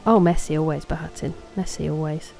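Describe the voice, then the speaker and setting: Low-voiced, mellow woman streamer. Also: fairly even intonation, brisk, creaky, soft background music, low-quality recording. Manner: chatty, thanking and answering chat. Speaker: game streamer. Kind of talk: casual live-stream chat with viewers.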